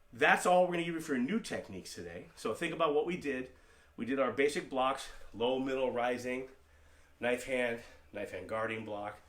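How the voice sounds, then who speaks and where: Coaching an online taekwondo class, a middle-aged man stays patient and encouraging, saying terms over so learners can repeat them. He speaks at a medium pitch with a fairly bright tone.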